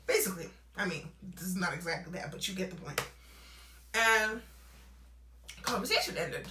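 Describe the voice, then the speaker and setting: Animated young woman telling a story. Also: fairly low pitch, fairly quick, reverberant, slight background noise, low-quality recording. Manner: animated, acts out both sides of phone calls. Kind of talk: casual storytime vlog.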